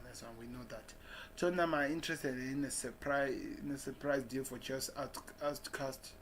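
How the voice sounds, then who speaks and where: A man reads transfer headlines aloud in a casual chat, stumbling over names and muttering asides to himself. His voice sits at an ordinary pitch for a man. A faint hiss runs under the recording. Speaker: football channel host.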